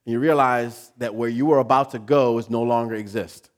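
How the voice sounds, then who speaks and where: A pastor preaching a sermon, moving from quiet conversational asides to loud emphatic peaks, acting out quotes as he tells stories. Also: medium pitch, fairly even intonation, brisk.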